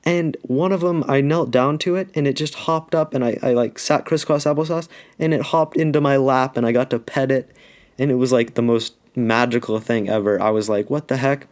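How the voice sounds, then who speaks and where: Man, from Alaska, casual rambling story, slangy, lots of "like", mid pitch. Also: fairly even intonation, fairly quick, darkish tone. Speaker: YouTuber telling a life story.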